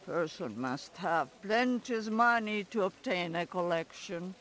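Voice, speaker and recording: An actress playing a sly female insect merchant in a video game, with a put-on foreign lilt and a drawn-out sales pitch. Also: expressive, a bit bright, a little hiss or hum.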